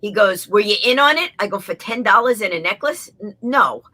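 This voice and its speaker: A woman guest telling a comic story with lively delivery, acting out the voices of the people in it. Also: mid-range voice, a little fast. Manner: animated, acts out the voices in her story.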